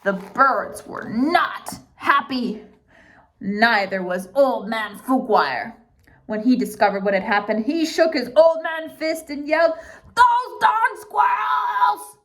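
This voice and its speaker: Lively, unhurried woman reading a storybook. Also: a little high. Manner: playful, with asides to young listeners. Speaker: children's book reader. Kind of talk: picture book read-aloud.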